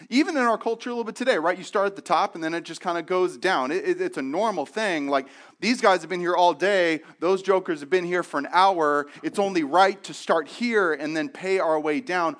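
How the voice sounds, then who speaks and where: A man preaching a sermon in a conversational, animated way, acting out the reactions of the people in the story he retells. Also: a little high. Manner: conversational with frequent restarts and asides. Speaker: pastor.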